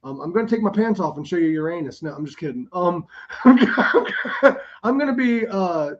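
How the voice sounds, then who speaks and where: A man hosting a podcast in casual chat, laughing loudly and swearing freely. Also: sits high, expressive, moderate pace, lo-fi sound. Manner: loud, laughing, swearing banter. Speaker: podcast host.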